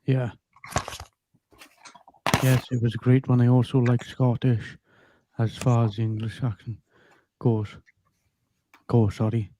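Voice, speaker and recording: A man hosting a casual livestream chat, talkative and quick to laugh, on a computer mic. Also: medium pitch, level tone, background noise. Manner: chatty, laughs easily. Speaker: livestream host.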